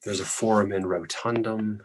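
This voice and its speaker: A male lecturer explaining anatomy patiently while drawing, often clearing his throat. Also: lowish voice, fairly even intonation, normal speed, rough recording.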